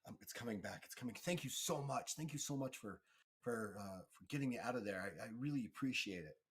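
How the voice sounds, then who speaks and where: A man voicing a dazed young woman just revived, speaking softly and haltingly. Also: medium pitch, expressive, breathy edge. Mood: grateful. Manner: soft, faint, hesitant.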